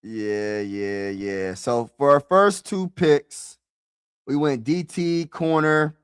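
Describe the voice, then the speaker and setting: A man's voice: medium pitch, slow, smooth, no room sound. A man hosting a casual live-stream football mock draft, talking straight to his viewers and swinging between frustrated outbursts and mutters, with lots of "bro" and "y'all". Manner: talks straight to viewers, repeats himself, uses "bro" and "y'all".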